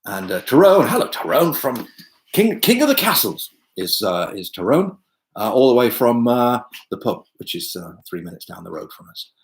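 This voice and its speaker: A man's voice: medium pitch, sing-song, moderate pace, rough recording. A man hosting a pub quiz from home on a video call, chatting and joking with lots of fillers. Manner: chatty, jokey asides, many fillers. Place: home room.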